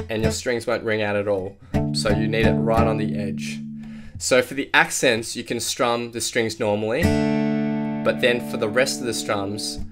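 Man teaching guitar over loud strumming. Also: lowish voice. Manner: clear step-by-step instruction, counting beats aloud. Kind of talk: guitar tutorial. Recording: loud acoustic guitar under the voice. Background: acoustic guitar playing.

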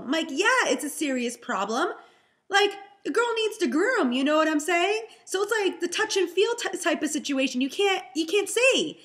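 A woman's voice: high voice, pushed and bright. A young pregnant woman telling a story in a chatty, exasperated vlog style. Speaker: vlogger, health and fitness coach.

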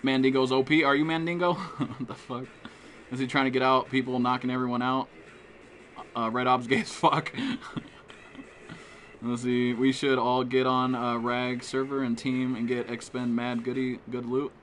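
A man's voice: medium pitch, level tone, moderate pace, fairly bright tone, slight background noise. A man streaming a game live, swearing and trash-talking other players while he greets chat viewers. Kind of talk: live gameplay commentary.

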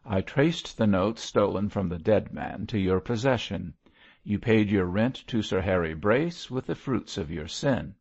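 A man's voice: on the low side, lively intonation, measured pace, creaky, a little mellow, husky, full character voice. A man voicing a fervent lay preacher who pleads and lectures in a grave, preachy manner. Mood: earnest. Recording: muffled lo-fi recording.

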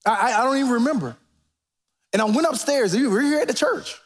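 A man preaching a sermon as pastor in a church, animated and preacherly, rising to near-shouts. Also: very high voice, quick pace. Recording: reverberant church sanctuary.

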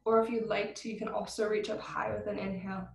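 A woman teaching a vinyasa yoga class over a video call from home, giving calm, encouraging cues with soft laughs. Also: medium pitch, quick pace, gravelly. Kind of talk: guided vinyasa class instruction. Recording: roomy video call audio, faint ambience.

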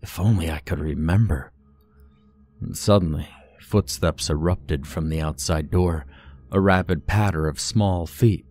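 A man with a very low voice narrates a scripted horror story. He takes an unhurried, measured pace and builds tension with a dramatic storytelling manner. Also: darkish tone.

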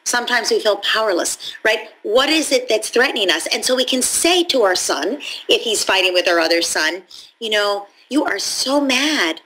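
A woman, a parenting expert answering interview questions in a calm, explanatory way, sometimes acting out what a parent or child might say. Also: mid-range voice, moderate pace, a little hiss or hum, rough recording.

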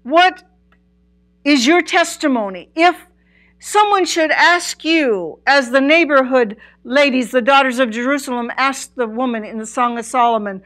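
A woman with a somewhat high voice delivers a Bible study lesson. She speaks earnestly and with emphasis, swooping up on key words and sinking to a hush at the ends of phrases. She puts questions straight to her listeners. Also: measured pace. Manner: earnest, emphatic, swooping between loud and soft; asks listeners direct questions. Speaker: Bible teacher.

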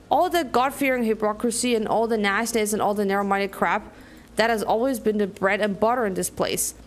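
A woman's voice: on the high side, natural voice. A woman reading aloud a furious young woman ranting against her hometown in a narrative game. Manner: angry, ranting. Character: furious young woman denouncing a small town.

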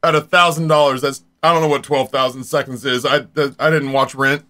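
A man's voice: mid-range voice, fairly even intonation, fairly quick, pushed and bright. A man in his forties chatting casually on a live stream, rambling and talking straight to his viewers. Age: 40s.

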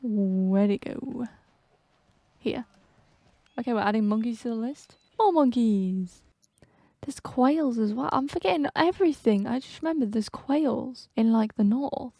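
A young woman giving casual gameplay commentary, excitable and jumpy, with frequent exclamations and gasps. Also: on the high side, unhurried, dry recording. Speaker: gaming channel host.

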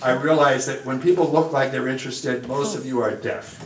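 A man, a priest, telling a self-deprecating funny story to a parish group in a lively, anecdotal way. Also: mid-range voice, fairly quick. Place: church or parish hall. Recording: echoey, distant mic, faint room noise.

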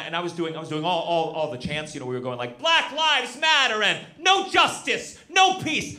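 A man in his thirties doing a stand-up comedy set, animated and shouting punchlines. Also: on the high side. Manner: animated, shouts punchlines, acts out quoted voices. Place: comedy club stage with live audience. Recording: loud audience noise and laughter.

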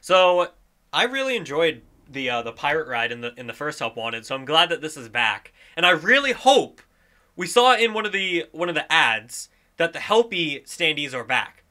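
A young man giving excited let's-play commentary, exclaiming and talking to himself while he plays a video game. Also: on the high side, normal speed. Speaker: gaming YouTuber.

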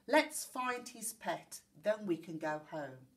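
A tired pirate crewman sighs and complains, as a woman reading a storybook puts him on. Her pitch moves up and down a lot as he grumbles. The voice sits a little away from the mic. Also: animated, slow, recorded from a distance. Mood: weary. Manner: sighing, complaining.

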